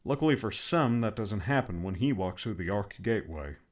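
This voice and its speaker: A patient but fussy friend explains things and scolds mildly, as a man puts him on. The voice is a bit low and lively in its pitch. It comes from a one-narrator audiobook. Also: brisk, lightly acted. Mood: explaining.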